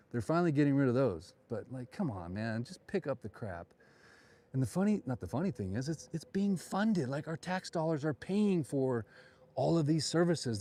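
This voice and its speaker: A man's voice: mid-range voice, warm tone. A man, a realtor, chatting and joking in opinionated asides while walking outdoors through town streets on a live vlog tour, filmed on a handheld phone.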